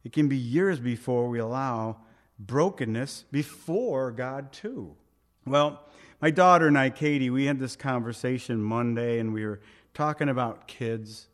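A man's voice: mid-range voice, a little slow. A middle-aged man preaching a sermon as pastor, earnest and conversational, asking rhetorical questions and pleading with light humor.

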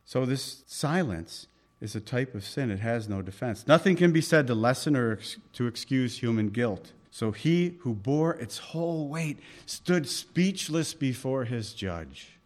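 A man preaching a conversational sermon, reading scripture aloud with force and dropping into soft asides. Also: medium pitch, a little slow. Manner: animated, swings between loud reading and soft asides.

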